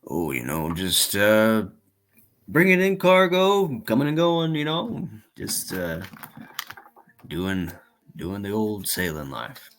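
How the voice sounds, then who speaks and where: A man voicing an easygoing male sailor in a tabletop game, drawling and relaxed. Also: on the low side, takes it slowly, heavily acted. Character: laid-back male fire genasi sailor.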